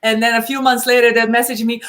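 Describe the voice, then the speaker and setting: A woman's voice: fairly high pitch, level tone, fast talker, fairly bright tone. A middle-aged woman, a BDSM educator, talking in an informal Q&A, telling stories animatedly and acting out quotes with laughter. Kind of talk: informal Q&A discussion.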